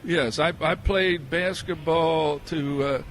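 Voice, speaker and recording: An American professor answers interview questions in a hesitant, halting way, filling gaps with "uh". His voice is a touch high for a man. Faint noise hums behind him. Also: steady tone, fairly bright tone. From United States. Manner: hesitant, many uh fillers and restarts. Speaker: guest, professor.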